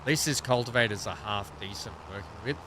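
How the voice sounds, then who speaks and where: A man's voice: lowish voice, quick pace, background noise. A man hosting a live gaming stream, chatting casually and greeting viewers by name as he plays. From Australia.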